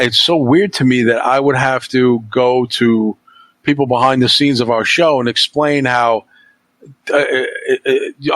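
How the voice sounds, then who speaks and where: A man's voice: mid-range voice, fairly bright tone, dry recording. A man hosting a podcast, ranting heatedly and with a lot of swearing in casual chat. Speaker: podcast host.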